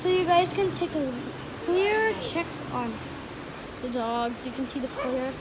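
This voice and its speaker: A woman's voice: sits high, animated, a little slow, over a noisy crowd. A woman in a casual home vlog, chatting as she narrates playing with her pets outdoors. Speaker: pet vlogger. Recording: loud background noise outdoors.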